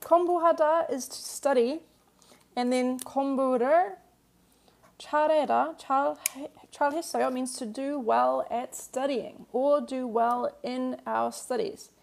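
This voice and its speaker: A woman's voice: high-pitched, fast, vocal fry, a little mellow. A woman teaching a live-streamed language lesson, patiently explaining grammar and answering viewer questions with lots of "um" and "like".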